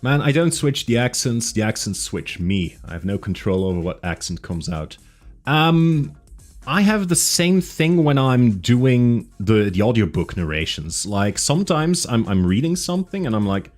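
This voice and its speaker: A man's voice: mid-range voice, big pitch swings, normal speed. A man streaming a casual chat with his viewers, rambling through tangents with many fillers and restarts. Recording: faint music behind.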